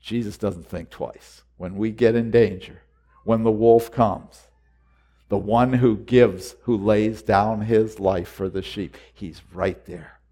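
A man preaching a sermon, earnest and repetitive, moving between quiet reflective lines and loud urgent exhortations. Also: on the low side, fairly even intonation, slow pace.

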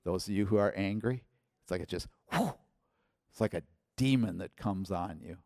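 A man preaching a personal testimony, his voice swelling loud when he quotes others. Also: sits low, normal speed, creaky, no room sound, studio quality. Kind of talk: sermon testimony.

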